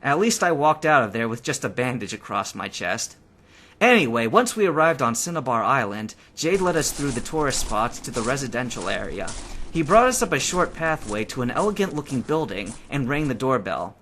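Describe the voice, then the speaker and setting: A man reading first-person fanfiction aloud in a lively, expressive way. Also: medium pitch, moderate pace, slight background noise. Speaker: audiobook reader.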